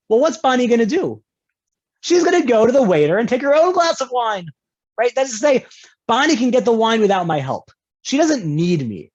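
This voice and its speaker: A man's voice: very animated, brisk. A man teaching an online class as a rabbi, conversational and playful with examples, often checking in with "right?", heard through a video call. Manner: playful with examples, jumps into higher pitch for quoted speakers. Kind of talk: online lecture on Jewish law. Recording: dull lo-fi video call audio.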